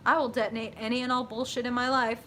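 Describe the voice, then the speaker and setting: Animated, bright-voiced woman reading tarot live. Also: a little high, fast, slight background noise. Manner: animated, swears freely, lots of "like". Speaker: tarot reader hosting a live stream. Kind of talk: live tarot reading, casual chat with viewers.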